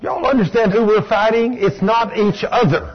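A man's voice: high voice, normal speed. A man preaching a sermon in a folksy, emphatic way, acting out the voices he quotes. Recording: dull lo-fi recording.

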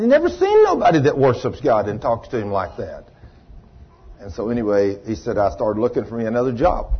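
Folksy preacher man, husky voice. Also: medium pitch. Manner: folksy, animated, acts out quoted voices. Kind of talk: sermon testimony storytelling. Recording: dull lo-fi sermon recording.

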